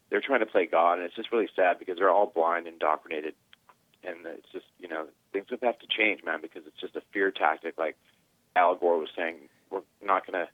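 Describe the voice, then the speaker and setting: Male caller, very low voice, earnest rambler; phone-line audio. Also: no echo. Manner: earnest, rambling, run-on sentences. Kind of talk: phone-in opinion.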